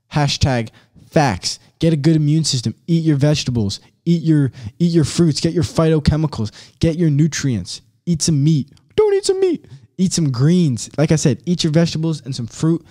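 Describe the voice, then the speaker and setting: A male podcast host ranting on his own in a loose, casual way. He talks bluntly with lots of swearing and slang, sounding fired-up and restless. His voice sits a touch higher than most men's. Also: mellow. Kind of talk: casual solo podcast rant.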